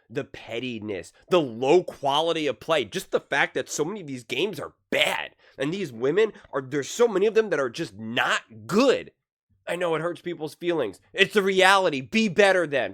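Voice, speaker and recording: A man's voice: mid-range voice, fairly bright tone. A man ranting in a reaction commentary on sports, heated and repetitive.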